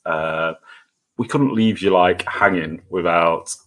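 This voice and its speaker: Man podcast co-host, casual banter, low voice, laid-back. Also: takes it slowly, fairly bright tone. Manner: easygoing, laughing, hesitant with fillers. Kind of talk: casual chat.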